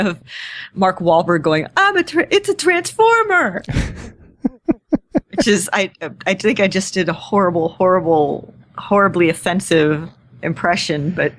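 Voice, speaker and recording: A woman's voice: on the low side, a little hiss or hum. A woman co-hosting a podcast in casual chat, talkative and self-deprecating, often laughing. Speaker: podcast co-host.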